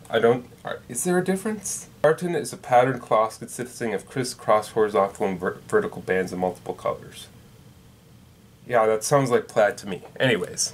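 A man's voice: medium pitch, fairly bright tone. A young man hosting a comedic vlog, rambling and correcting himself as he goes. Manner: rambling, self-correcting, jokey. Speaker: vlogger.

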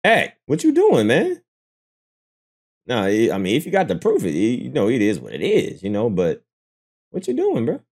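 A man reacting to clips on a live stream in casual commentary, mocking and animated, jumping into high squeals of disbelief. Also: normal speed, pauses often, slightly rough.

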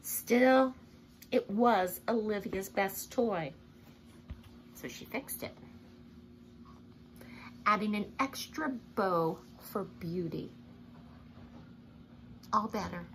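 A woman reading a picture book aloud to children, expressive and asking her listeners questions. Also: mid-range voice, very slow, pauses often, slight background noise. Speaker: storybook reader.

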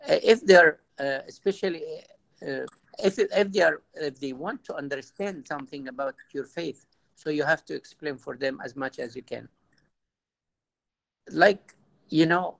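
Gravelly-voiced priest, halting delivery. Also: male voice, on the high side, dry recording, poor audio. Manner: halting, repeats words, tells anecdotes. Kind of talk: informal talk to a youth audience.

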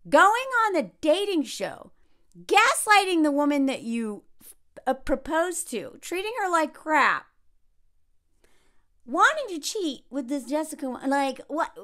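Woman vlogger reacting to reality TV, blunt and sarcastic; high, animated voice with big pitch swings. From US South. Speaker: reality TV commentator. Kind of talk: casual reaction commentary.

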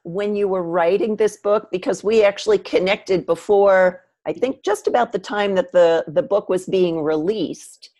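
A woman hosting a podcast interview, often agreeing with her guest through soft "mm-hmm"s and an eager "absolutely." She thinks aloud at an even, everyday pitch. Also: normal speed, few pauses. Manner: warmly affirming, with frequent "mm-hmm" and "absolutely". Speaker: podcast host.

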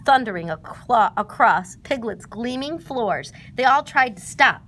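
A woman reading a children's storybook aloud, with a fairly high voice that rises and falls a lot. Her narration is expressive and animated. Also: unhurried, slight background noise.

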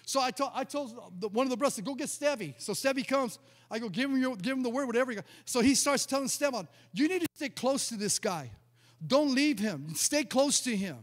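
Middle-aged male pastor, high-pitched, animated storyteller, church with long reverb. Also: brisk. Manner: animated storyteller, acts out dialogue, repeats words. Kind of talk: sermon with storytelling.

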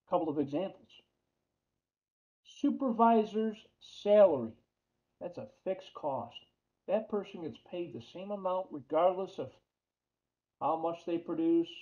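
A man's voice: on the high side, expressive, unhurried, long pauses, dark tone. New York man lecturing on accounting. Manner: chatty, asks the class questions, repeats key terms. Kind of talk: classroom lecture. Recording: dull lo-fi lecture audio.

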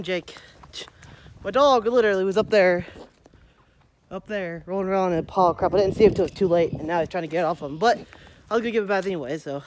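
A woman's voice: on the low side, a little hiss or hum. A young woman chatting casually in a home vlog and coaxing her dog along. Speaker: vlogger.

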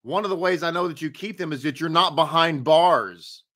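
A man's voice: a little high, moderate pace, fairly bright tone. A man, a rabbi leading a live-streamed daily Torah study, chatty and upbeat, putting rhetorical questions straight to his viewers and greeting them by name.

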